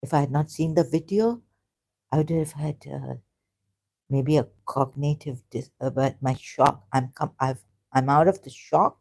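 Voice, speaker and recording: A woman vlogging about religion to camera, hesitant and halting with many restarts, earnest and openly frustrated. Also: low-pitched, gravelly, a little mellow. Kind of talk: unscripted talk to camera.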